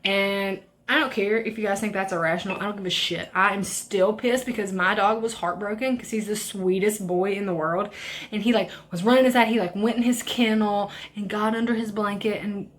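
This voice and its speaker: A young woman talks straight to camera through a makeup routine, loose and rambling. She swears freely and keeps drifting into angry rants before she picks the tutorial back up. Her pitch sits at an ordinary middle height for a woman. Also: steady tone, brisk. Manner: profane, ranting, rambling. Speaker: beauty vlogger. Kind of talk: casual makeup tutorial chat.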